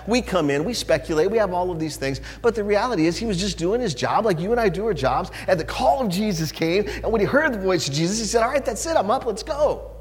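A man preaching a sermon in a conversational, animated way, often asking the listeners questions. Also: on the high side. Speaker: pastor. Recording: long hall reverb, faint hum.

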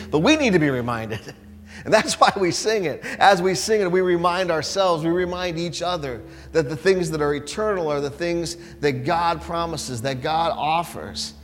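A man preaching a sermon in a conversational, animated way, often asking the listeners questions. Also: fairly high pitch. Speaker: pastor. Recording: long hall reverb, faint hum.

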